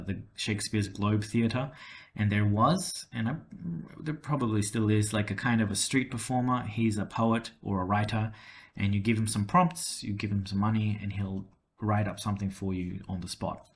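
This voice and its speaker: A man's voice: lowish voice, fairly even intonation, moderate pace. A man with a mild Australian accent telling a personal story to camera, with many fillers and restarts. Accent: Australian, toned down. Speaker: language-learning vlogger.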